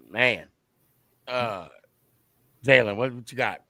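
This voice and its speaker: A man hosting a casual sports podcast, hoarse and short of voice, calling on each guest in turn. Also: medium pitch, animated, slow, sharp tone, no echo. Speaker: podcast host.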